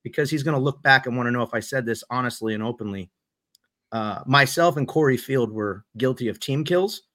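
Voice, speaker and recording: Male podcast co-host, animated self-deprecating storyteller, mid pitch, casual. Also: a little fast. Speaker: podcast co-host and paintball player.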